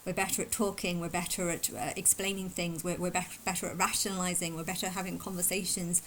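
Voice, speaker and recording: A woman vlogger talking fast in a casual, emphatic and indignant opinion monologue. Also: fairly low pitch, little pitch movement, a bit bright, slight background noise, low-quality recording. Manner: fast talker.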